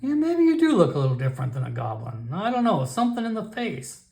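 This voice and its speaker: A man's voice: high-pitched, wildly swooping pitch, quick pace, creaky, a little mellow, full character voice. Man voicing a pushy merchant alchemist. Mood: coaxing. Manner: wheedling sales patter, calls everyone my friend. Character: pushy male merchant alchemist, chatty salesman.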